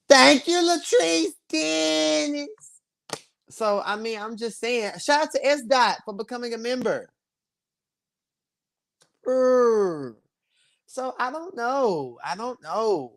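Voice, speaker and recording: A man's voice: normal speed, few pauses. A man hosting a live stream, reviewing a reality show in sassy slang. He talks casually to his viewers and laughs often. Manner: sassy, slangy and animated, swinging between loud bursts and low asides; laughs often while talking.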